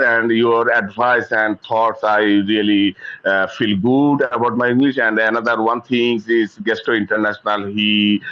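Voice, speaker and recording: A man's voice: on the low side, fairly bright tone. A man participant on a video call, formally and effusively thanking the teacher. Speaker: session participant. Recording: dull lo-fi call audio.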